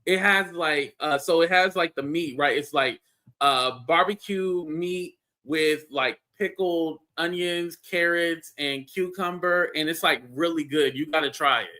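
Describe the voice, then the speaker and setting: High, bright-voiced man, easygoing guest. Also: unhurried. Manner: easygoing, laughs often, hesitant fillers. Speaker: guest YouTuber. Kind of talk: casual chat.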